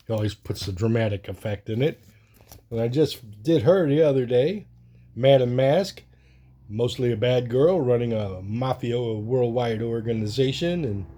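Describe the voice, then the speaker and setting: A man talks through his sketches and comic books in a relaxed, rambling way. His voice is warm and mellow, sitting in an ordinary middle register. He chuckles now and then as he goes. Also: medium pitch. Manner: rambling, chuckling, reads cartoon captions in silly voices. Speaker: comic collector vlogger. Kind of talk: casual chat showing artwork and comics.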